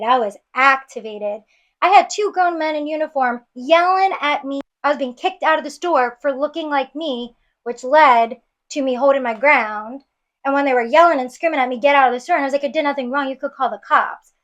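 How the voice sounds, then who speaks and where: A woman's voice: high-pitched, a bit bright. A woman from New York City, a podcast guest, earnestly retelling a painful personal story with many restarts. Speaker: guest auditioning as co-host.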